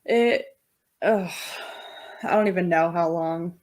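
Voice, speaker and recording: Woman co-host chatting, lowish voice. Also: slow, a little mellow. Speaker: podcast co-host. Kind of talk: casual chat.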